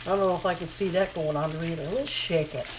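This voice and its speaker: Speaking a touch low and hushed, this home cooking vlogger keeps up quick, steady-toned chatter to the camera, repeating herself and talking to herself. The kitchen recording carries background noise and a clearly audible sizzling pan.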